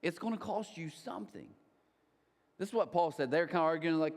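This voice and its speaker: A man preaching a sermon as pastor, animated, with asides to the crowd and put-on high voices for others. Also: a little fast, big-room sound. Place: church auditorium.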